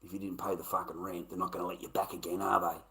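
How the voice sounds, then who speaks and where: A lowish, forceful male voice with a broad Australian accent. He rambles through casual stories as a livestreamer, swearing freely and calling everyone mate. The tone stays bright and pushy even when he talks quietly. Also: quick pace, vocal fry, low-quality recording. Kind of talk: casual storytelling chat.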